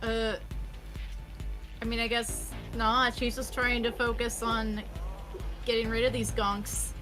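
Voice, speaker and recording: A woman playing a tabletop game, talking hesitantly and softly about her character's moves. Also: a little high, flat delivery, slow pace, faint music behind. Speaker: player. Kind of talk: casual tabletop game play.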